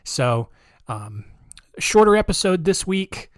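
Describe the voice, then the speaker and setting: A man's voice: high-pitched, sing-song, slow pace, no room sound. Male podcast host, casual narration, sarcastic, dry close-mic sound. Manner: chatty, sarcastic asides.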